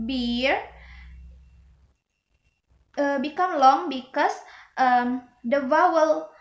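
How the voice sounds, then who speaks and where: In an echoey room, a young Indonesian woman with a high-pitched voice presents to her class as a student. She's hesitant, starting over often and filling gaps with fillers.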